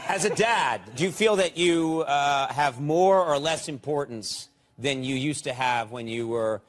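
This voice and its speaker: A man's voice: a little high, measured pace. A man hosting a talk show, asking questions in a dry, self-mocking way. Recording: loud studio audience, noisy.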